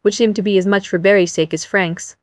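A woman narrating a novel as an audiobook in an even storytelling manner. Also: medium pitch, fairly quick, no room sound.

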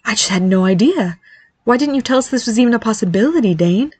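A woman reading the part of a calm, measured, reserved middle-aged father in a storybook. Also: on the high side, slightly rough, no room sound, voice pushed up.

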